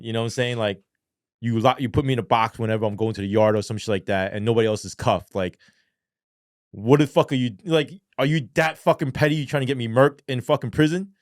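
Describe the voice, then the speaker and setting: Profane New man, low dry voice. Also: dry recording. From New York. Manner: profane and animated, keeps asking "right?". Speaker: guest. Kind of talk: casual storytelling.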